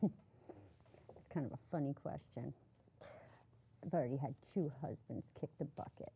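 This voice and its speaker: A woman playing a brash, combative welfare mother in her thirties with a New Jersey accent and a raspy voice. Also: sits low, measured pace, dull audio, exaggerated voice. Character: brash tough-talking welfare mom, 30s. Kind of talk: comedy sketch acting.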